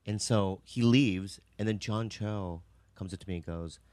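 A man's voice: lowish voice, unhurried, no room sound. A man, a comedian, chatting casually and telling rambling stories with restarts and many tag questions. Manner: rambling storyteller, restarts and frequent "right?"; animated, acts out voices in his stories. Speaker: comedian and actor. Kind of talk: casual chat.

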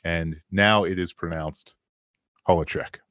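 A man in his forties with a lowish voice tells long, roundabout stories in a relaxed podcast chat. He laughs easily as he goes. The sound is dry and close, with no room around it. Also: moderate pace, dry recording. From Maryland, USA. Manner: rambling storyteller, laughs often. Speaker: podcast guest, film commentary maker.

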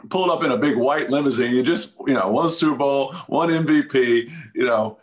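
A man's voice: mid-range voice, fairly quick. A man hosting a casual interview podcast, asking easygoing questions with a few restarts. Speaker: podcast host.

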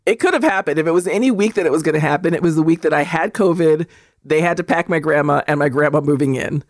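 A woman's voice: low voice, fast talker, dry recording, studio quality. A woman co-hosting a podcast, telling profane, exasperated stories with bursts of laughter. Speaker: podcast co-host. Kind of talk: casual chat.

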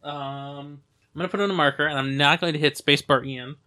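A man co-hosting a podcast and running the recording setup, easygoing and quick to laugh. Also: a little high, steady tone, bright, forceful tone. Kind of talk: casual chat. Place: small studio.

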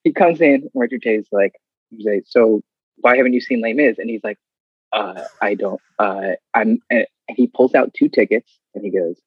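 A man with a husky, slightly breathy voice tells stories casually and acts out other people's lines with energy. The sound is dry and close, in a dull, slightly muffled recording. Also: on the low side, normal speed, dry recording. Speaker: guest. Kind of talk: casual storytelling.

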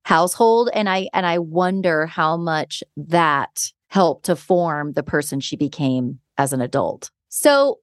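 A woman hosting a podcast in casual chat, an animated storyteller who often breaks into laughter. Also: deep voice, measured pace, few pauses, dry recording, clean studio sound. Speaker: podcast host.

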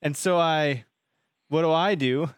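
A man's voice: fairly high pitch, a little slow, smooth, no echo, clean studio sound. Rambling, joking male podcast host. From Wisconsin. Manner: rambling storyteller, swears casually. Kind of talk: casual chat.

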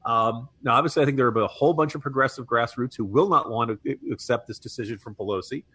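A man's voice: mid-range voice, fast, a bit bright, husky, dry recording. Wry, chatty male political commentator. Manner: wry, chatty, laughs at own jokes, many restarts. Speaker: podcast co-host, political commentator. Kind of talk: casual political chat.

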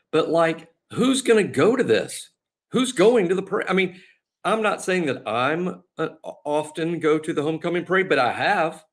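A man's voice: medium pitch, fairly bright tone. A man co-hosting a sports podcast, talking in easygoing, laid-back chat. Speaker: podcast co-host.

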